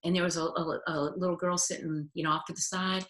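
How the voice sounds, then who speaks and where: A woman's voice: lowish voice, flat delivery, quick pace, fairly bright tone, reverberant. An older woman, a retired biologist, telling stories animatedly in an interview and laughing often. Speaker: retired aquatic biologist and educator. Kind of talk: casual interview chat.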